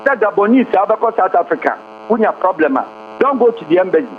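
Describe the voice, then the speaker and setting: A man's voice: sits high, sing-song, quick pace. A Ghanaian man speaking as a guest commentator, impassioned and firing off rhetorical questions. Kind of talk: heated interview talk. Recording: tinny phone-like line, faint hum.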